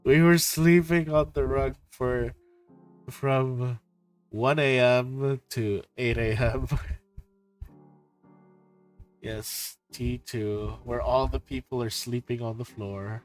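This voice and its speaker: A man from the Philippines chatting casually with his viewers about trip photos, excitable, swearing and laughing often. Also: medium pitch, takes it slowly, long pauses, soft background music. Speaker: streamer host.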